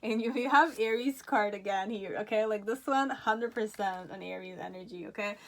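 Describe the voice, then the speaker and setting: A woman giving a pick-a-card tarot reading, excitable, often checking in with "okay?" and a bit out of breath. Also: medium pitch, normal speed. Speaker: tarot reader.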